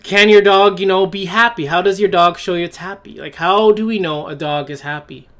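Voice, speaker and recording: A man's voice: sits high, a little fast, a bit bright. A man hosting a solo opinion podcast, blunt and scornful, firing rhetorical questions and restarting his phrases as he goes. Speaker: podcast host. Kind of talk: opinion monologue.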